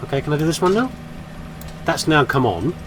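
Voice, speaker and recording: A gaming commentator with a slightly high, sing-song voice speaks a little fast against a noisy background. He's doing let's play commentary on his horror game playthrough, in a playful, musing and self-mocking way.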